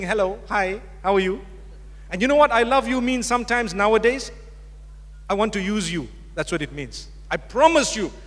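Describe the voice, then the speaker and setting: A man's voice: high voice, a bit bright. A man giving a public religious lecture to a live audience, speaking directly and with humor. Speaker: Islamic preacher. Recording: long hall reverb from a lecture hall.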